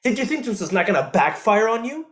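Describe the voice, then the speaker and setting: A man's voice: high-pitched, sing-song, fast talker, fairly bright tone. A young actor playing an eighteen-year-old son who confronts his cheating father, swearing and slipping into Spanish words on a theatre stage. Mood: furious. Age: young adult. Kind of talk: live student stage drama.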